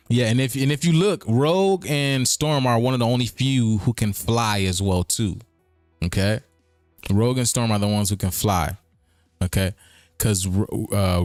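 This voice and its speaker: A man's voice: lowish voice, no echo. A man hosting a casual livestream, talking in a rambling, repetitive way with chuckling asides. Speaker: streaming show host.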